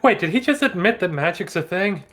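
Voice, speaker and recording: A woman's voice: on the low side, expressive, fairly quick, background noise. A woman playing a tabletop game, chatty and reacting to the others. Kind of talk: casual tabletop play.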